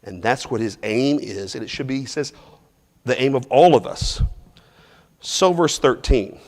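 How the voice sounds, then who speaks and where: A man with a medium-pitched voice teaches a Bible class verse by verse, unhurried and animated. His style is loose and conversational, restarting phrases and asking the class questions, while a large hall adds a long reverb.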